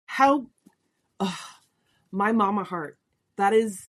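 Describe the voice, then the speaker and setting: A woman's voice: mid-range voice, expressive, slow, a bit bright. A middle-aged woman hosting a podcast, telling a personal story in a chatty, candid way. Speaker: podcast host.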